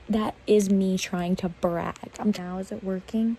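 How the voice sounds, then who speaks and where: A woman's voice: mid-range voice, steady tone, unhurried, warm tone, slight background noise, low-quality recording. A young woman chatting casually into her phone camera in bed at night, rambling and laughing at herself. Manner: rambling, self-mocking, giggly. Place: bedroom at night.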